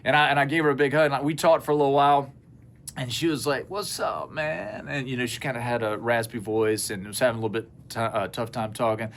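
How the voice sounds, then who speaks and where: Guy just telling a story on a podcast, rambly and earnest, gets lively doing voices. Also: mid-range voice, quick pace, slight background noise. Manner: rambling, earnest, animated when quoting people. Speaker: podcast co-host. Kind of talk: casual storytelling chat. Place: indoor studio space at a co-op.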